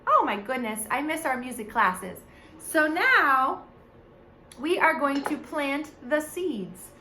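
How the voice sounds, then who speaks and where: Female preschool music teacher, high and bright, unhurried, sing-song, echoey home room. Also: animated, slight background noise. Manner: sing-song teacher talk to small children. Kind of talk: online preschool music lesson. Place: home, seated in front of a camera.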